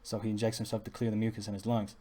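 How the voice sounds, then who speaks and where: Fast-talking young man rambling a story. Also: on the low side, monotone, dark tone. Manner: rambling, repetitive restarts, heavy street slang. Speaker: vlogger. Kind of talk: casual storytelling monologue.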